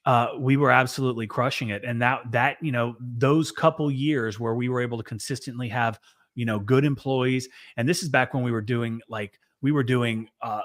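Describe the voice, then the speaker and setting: A man who runs his own business talks as a guest on a casual Q&A, rambling in an easygoing way and filling pauses with "you know" and "um". His voice sits at an ordinary pitch for a man. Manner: relaxed, rambling, filler-heavy.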